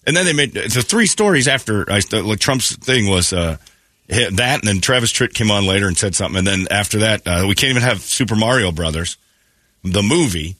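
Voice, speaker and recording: A male morning radio host with a sore throat chats casually and sardonically, telling wry stories and often quoting others mockingly in an animated way. His voice is lowish and fairly quick, with no room sound.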